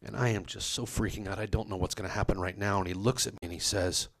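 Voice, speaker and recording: A man telling a comic personal story on a podcast, animated and self-mocking, with his voice leaping up on quoted lines. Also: lowish voice, fast talker, creaky. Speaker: comedic storyteller.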